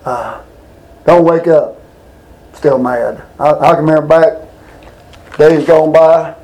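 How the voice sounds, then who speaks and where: A man preaches in a folksy, rambling way, telling homespun stories and turning to his listeners with asides. His voice sits high for a man. He sounds a little off mic, in a roomy, echoing hall. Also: fairly even intonation, slow pace, warm tone, far from the mic, highs cut off. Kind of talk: folksy storytelling sermon.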